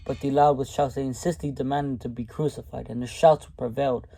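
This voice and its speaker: A man's voice: medium pitch, steady tone, a little fast, gravelly, warm tone. A man doing a casual devotional Bible reading, often breaking off to comment emphatically in a folksy way.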